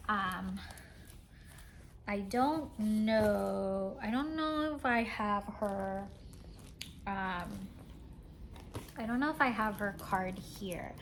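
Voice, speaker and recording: A woman's voice: medium pitch, fairly bright tone, a little hiss or hum. A woman chatting casually as a craft vlogger, showing off her purchases and giggling as she talks, with lots of "like"s. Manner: chatty, giggly, says "like" often. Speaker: cross-stitch vlogger. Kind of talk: casual show-and-tell chat.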